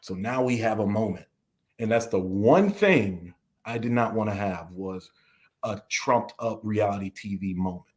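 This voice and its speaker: A man from the American South, a podcast interview guest, has a lowish, darkish voice with lively intonation and a slightly slow delivery. Frustrated and long-winded, he acts out the questions he was asked.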